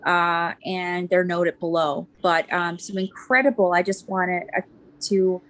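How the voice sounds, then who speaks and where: A woman serving as deputy mayor, giving a committee report at a council meeting in a halting way, with frequent fillers and restarts. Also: lowish voice, fairly even intonation, a bit bright. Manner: hesitant, many fillers and restarts. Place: council chamber.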